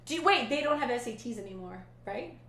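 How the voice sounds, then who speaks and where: A middle-aged woman hosts a casual livestream and rambles through viewer comments with easy asides. Her voice is bright and sits a bit high for a woman, and the room around her has a noticeable echo. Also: lively intonation, quick pace. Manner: chatty and rambling, with frequent restarts and asides. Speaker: livestream host.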